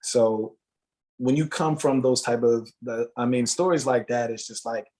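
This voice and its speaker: A man from Jamaica speaks as an interview guest, steady in pitch and earnest in tone. He builds a motivational story and leans on repeated phrases to drive each point home. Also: a little slow.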